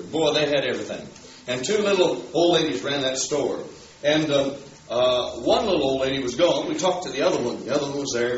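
Folksy preacher in an echoey church. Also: male voice, on the high side, a bit bright, recorded from a distance, muffled recording, a little hiss or hum. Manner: folksy storytelling, rising emphasis. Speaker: pastor. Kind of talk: sermon with personal story.

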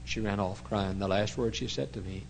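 Pastor, male, lowish voice, emotional storytelling sermon, hush-to-loud swings. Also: fairly even intonation, normal speed, gravelly, slight background noise, poor audio.

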